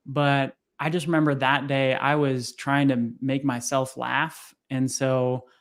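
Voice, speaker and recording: A young man, a podcast guest, telling a personal story in casual conversation, acting out what people said in a raised voice. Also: slow. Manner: animated, acts out quotes in high voices. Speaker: podcast guest, sales coach.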